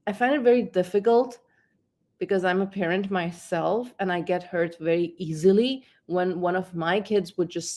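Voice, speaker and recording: A middle-aged woman, a parenting coach, talking reflectively and repeating words as she searches for them. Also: mid-range voice. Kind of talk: conversational talk on parenting.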